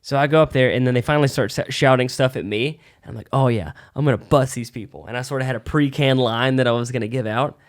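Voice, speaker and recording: A young man co-hosting a casual chat about stand-up comedy, telling animated stories and swearing freely. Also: mid-range voice, fast, few pauses, smooth. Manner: animated storyteller, swears a lot. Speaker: podcast co-host, aspiring comedian.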